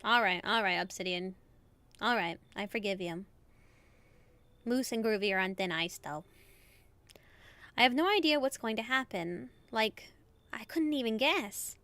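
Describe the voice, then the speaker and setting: A woman streamer commenting on a game as she plays, excitable and quick to laugh and swear. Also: mid-range voice, dry recording.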